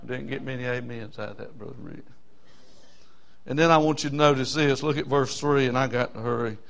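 A male pastor preaching a sermon, fervent and folksy, moving from quiet asides to loud hollering. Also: mid-range voice, brisk, vocal fry.

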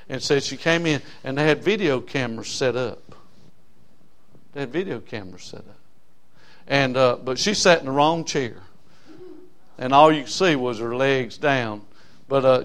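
An older man, preaching and telling a story in a sermon, breaking his sentences with repeated fillers. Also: medium pitch. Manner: halting, with many repeated fillers.

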